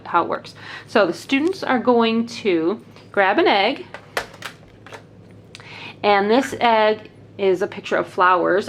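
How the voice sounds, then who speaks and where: A woman's voice: mid-range voice, fairly bright tone. A woman teacher patiently demonstrating early-grade learning activities step by step, with a faint hiss behind her. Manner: clear, patient, explaining step by step.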